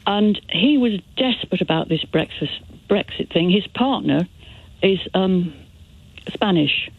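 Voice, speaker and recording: A woman's voice: medium pitch, expressive, unhurried. A woman calling a radio show, telling rambling anecdotes. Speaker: caller. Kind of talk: phone-in call chat. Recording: tinny phone line.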